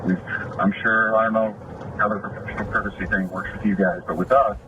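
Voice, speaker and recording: An aggrieved man, a sheriff's deputy, recounts a heated encounter and quotes each side of it. The sound is muffled and lo-fi. Loud background noise runs under his voice. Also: on the low side, flat delivery, a little fast. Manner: aggrieved, retelling a confrontation with quoted dialogue. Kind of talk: venting in a recorded police video.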